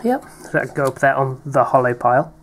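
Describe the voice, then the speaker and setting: A British man with a mid-range voice talks very fast and with lots of animation as he opens card packs. He's a co-host, chatting playfully, reading out the names he pulls and laughing a little as he goes.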